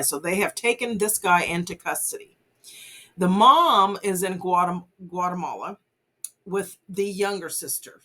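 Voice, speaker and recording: With a lowish, slightly bright voice, a woman hosting a vlog talks casually about a news case. She is earnest, leans heavily on fillers such as "you know," and asks her audience to hold off on judging.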